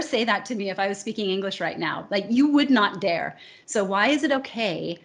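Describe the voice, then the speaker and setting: A woman's voice: mid-range voice, expressive, moderate pace, fairly bright tone. An American woman, a speech coach and academy founder, talking earnestly in an interview and stacking her points in lists. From United States. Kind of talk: conversational interview.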